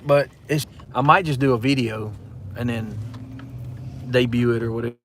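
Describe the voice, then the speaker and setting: A man's voice: medium pitch, fairly even intonation, normal speed. Rambling man streaming from his car. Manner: rambling, chatty storyteller, talks to viewers. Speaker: channel host. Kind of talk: casual live-stream chat while driving. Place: inside a car at night on a country road. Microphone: phone. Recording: car noise throughout.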